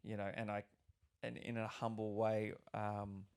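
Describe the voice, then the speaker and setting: A young Australian actor talking casually on a podcast, rambling and swearing freely with lots of restarts. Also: male voice, lowish voice, little pitch movement, a little slow, a little mellow, smooth.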